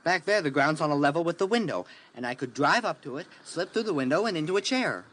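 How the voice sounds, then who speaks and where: Crippled youth, proud, stubborn, earnest, slightly high voice, radio drama. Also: male voice, expressive, fast talker, a bit bright. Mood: eager. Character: determined, proud crippled young man.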